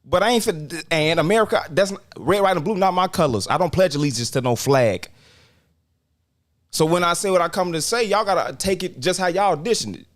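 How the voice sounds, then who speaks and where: A man's voice: high-pitched, expressive, brisk. A man co-hosting a casual discussion, speaking with passionate, preacher-like emphasis. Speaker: podcast co-host.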